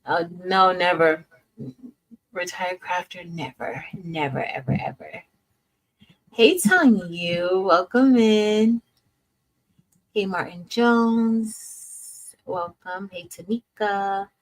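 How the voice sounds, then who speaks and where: A woman hosting a relaxed craft livestream. She chats in an upbeat, friendly way, greets viewers one by one, and talks at a middling pitch into a computer mic. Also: low-quality recording.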